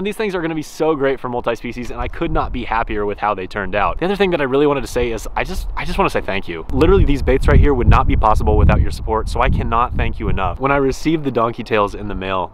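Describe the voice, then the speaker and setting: A man hosting a fishing vlog, talking in an enthusiastic, excitable way outdoors by a snowy stream. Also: mid-range voice, a little hiss or hum. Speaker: fishing channel host.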